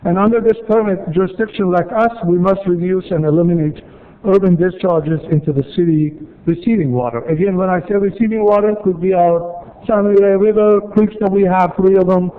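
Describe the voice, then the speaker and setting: A man's voice: high voice, a little fast. A man from city staff presenting at a council meeting, explaining rules step by step with repeated points and dry asides. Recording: tinny, phone-like archive audio.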